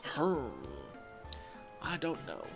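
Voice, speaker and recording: Raspy, wispy old scholar, put on by a man, fussy and lively, game music under. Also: on the high side, drawn-out words, full character voice. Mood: scholarly.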